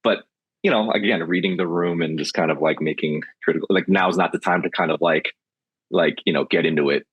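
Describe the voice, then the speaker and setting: Low husky man, guest TV director, casual war stories with voiced quotes, dry close sound. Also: brisk, no echo, muffled recording. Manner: loose and animated, acts out quotes. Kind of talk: casual storytelling chat.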